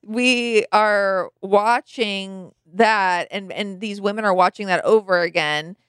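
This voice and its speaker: A woman co-hosting a casual podcast, talking in a measured way with hesitant restarts. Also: medium pitch, fairly bright tone, clear, resonant tone, no room sound, clean studio sound. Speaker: podcast co-host. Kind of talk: casual chat.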